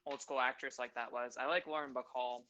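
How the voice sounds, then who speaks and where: A woman from Los Angeles chatting casually on a video call, animated and theatrical. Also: extremely low pitch, a little fast, highs cut off. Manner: animated, theatrical, laughs often. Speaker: stream co-host.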